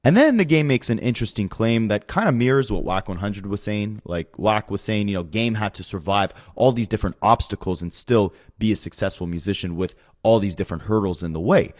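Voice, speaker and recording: Male host, low voice, close and dry, sarcastic running commentary. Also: animated, fairly quick, few pauses, darkish tone, no echo. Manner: sarcastic, incredulous. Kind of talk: commentary on rap clips.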